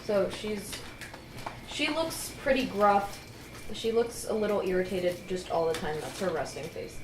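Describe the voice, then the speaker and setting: A woman player describes her character slowly and plainly. She sounds a little away from the mic in an echoey room. Faint noise runs underneath. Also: medium pitch, recorded from a distance. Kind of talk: casual tabletop chat.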